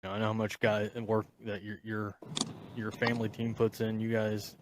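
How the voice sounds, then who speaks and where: A man's voice: on the low side, completely flat delivery, a little fast, a little hiss or hum. A man hosting a podcast in casual chat, eagerly congratulating his guests. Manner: enthusiastic, warmly congratulating. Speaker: podcast host.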